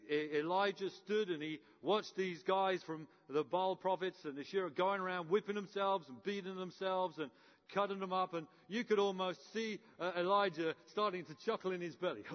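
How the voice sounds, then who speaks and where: High-voiced preacher in a reverberant hall. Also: male voice, moderate pace. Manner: storytelling, acts out characters with playful humour. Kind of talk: sermon. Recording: muffled with long hall reverb.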